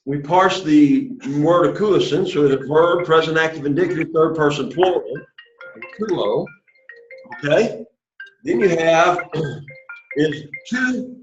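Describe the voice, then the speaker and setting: A man's voice: a little high, expressive, slow pace, faint music behind. A man teaching an introductory Greek class, patiently drilling students after opening with a prayer. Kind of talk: classroom lesson. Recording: echoey room, dull lo-fi sound.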